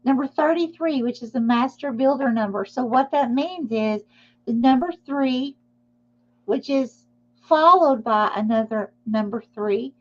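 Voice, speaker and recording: Woman, tarot reader, live stream, high-pitched and reassuring, dull lo-fi sound. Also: measured pace. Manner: reassuring, repeats "okay?" often.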